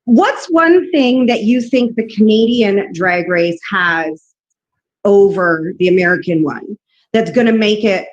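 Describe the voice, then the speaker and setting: A woman co-hosts an interview over a video call. She asks curious, friendly questions in a relaxed, chatty way. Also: medium pitch, measured pace, highs cut off. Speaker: co-host. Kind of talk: casual interview chat.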